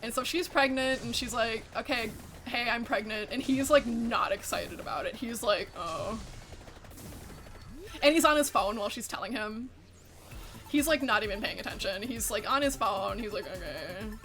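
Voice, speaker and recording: Young woman streamer, bright, slightly high voice, animated, swears a lot, faint game music behind. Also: a little fast. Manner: animated, swears freely, heavy use of "like". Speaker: VTuber streamer. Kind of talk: casual chat while gaming.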